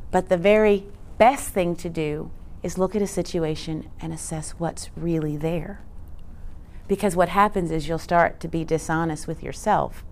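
Earnest woman giving a talk. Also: on the low side. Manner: conversational, frequent rhetorical "right?"; earnest, emphatic. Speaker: presenter. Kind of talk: teaching presentation.

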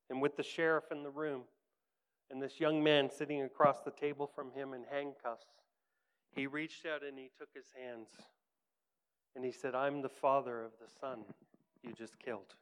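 A man telling a story in a sermon, earnest, sinking to hushed tones for quoted words and rising for emphasis. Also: mid-range voice, clear, resonant tone. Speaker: preacher.

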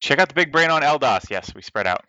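A man's voice: a little high, animated, fast, sharp tone. A man playing a tabletop game, chatting casually and joking with frequent laughter. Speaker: player. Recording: dull dry close mic.

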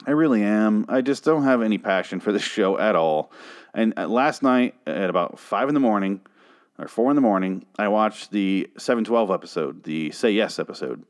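Male TV reviewer, slightly low voice, swearing, fed up, rambling recap with restarts. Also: lively intonation, normal speed. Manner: profane, exasperated, rambling with restarts. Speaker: TV show reviewer. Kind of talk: casual episode recap and rant.

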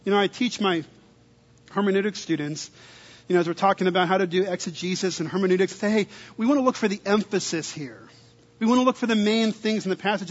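High-pitched guy preaching, teachery, piles up points in lists, long echo, kinda muffled sound. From United States. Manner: expository, teacherly, builds lists with repetition. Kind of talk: sermon. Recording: dull lo-fi recording with long reverb.

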